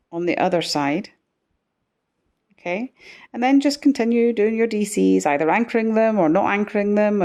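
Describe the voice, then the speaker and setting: A woman's voice: mid-range voice, a little mellow. A woman giving a chatty, self-deprecating crochet tutorial while she stitches on camera.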